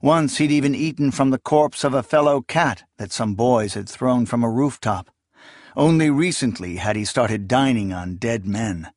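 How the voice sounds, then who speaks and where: Man narrating a dark fantasy audiobook. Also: mid-range voice, normal speed, no echo, clean studio sound. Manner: steady, dramatic dark-fantasy storytelling. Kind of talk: scripted narration.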